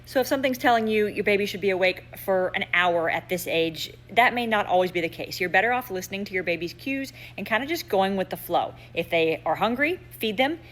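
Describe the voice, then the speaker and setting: A young mother sharing practical parenting tips in a chatty, instructive way. She talks at an easy pace in a casual vlog style, like she is telling a friend what worked for her. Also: lowish voice. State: pregnant. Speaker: parenting content creator.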